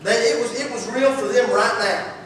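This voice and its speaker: Guy preaching, energetic, folksy, big echoey church, faint rumble behind. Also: normal speed. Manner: folksy, energetic, rhetorical questions. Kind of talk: sermon. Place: church sanctuary. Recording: echoey church hall, distant mic.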